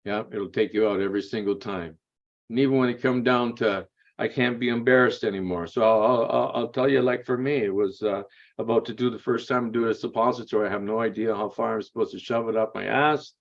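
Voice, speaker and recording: A man's voice: lowish voice, fairly even intonation, a little fast, vocal fry, highs cut off. Blunt man telling crude stories. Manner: blunt, crude humor, tags lines with "man" and "eh". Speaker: interview guest. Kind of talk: casual storytelling.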